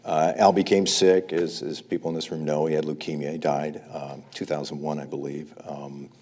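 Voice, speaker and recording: A man's voice: extremely low pitch, little pitch movement, normal speed, a little mellow. A man interviewing a guest on stage, reflective as he leads him into each story.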